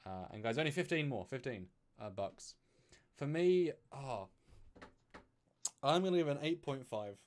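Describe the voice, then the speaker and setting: A man in the middle of a casual live-stream chat, his voice sitting at an ordinary middle pitch. He rambles a little, with fillers and restarts, as he talks through his thoughts with a co-host. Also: expressive, normal speed, long pauses. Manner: chatty, loose, many fillers and restarts, pleads for donations.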